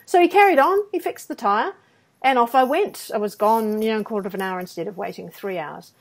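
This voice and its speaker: With a slightly high, creaky voice and a fairly quick pace, this woman co-hosts a podcast and relates personal anecdotes casually. She acts out quotes animatedly and laughs at herself along the way.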